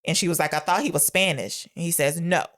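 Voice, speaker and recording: Young female co-host, low voice, casual film-recap chatter. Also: fast, a bit bright. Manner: retells scenes, acting out lines. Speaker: podcast co-host. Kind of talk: casual movie review chat.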